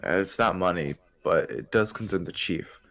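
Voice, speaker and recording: A man's voice: deep voice, moderate pace, gravelly, fairly bright tone, slight background noise. A man voicing an earnest young male defense lawyer in a game fan dub, reading his questions plainly. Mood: inquiring.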